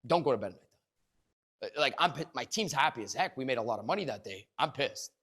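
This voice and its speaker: A man giving a motivational sales training talk, punchy and repetitive, swearing casually, acting out little conversations and swinging between loud bursts and quiet low asides. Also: lively intonation, fast talker.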